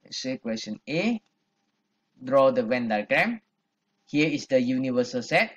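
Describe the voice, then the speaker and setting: Slow, patient male math teacher. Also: medium pitch, sing-song, a bit bright, dull audio. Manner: patient, step-by-step, repeats key numbers. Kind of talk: classroom lesson, working through an exercise.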